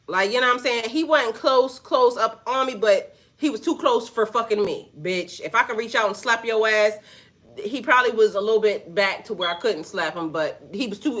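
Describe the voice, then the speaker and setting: A woman with a grown son telling a story to her viewers in a blunt, profane, animated way, full of asides. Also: on the high side. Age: adult with a son. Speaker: spiritual vlogger. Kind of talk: casual storytime rant.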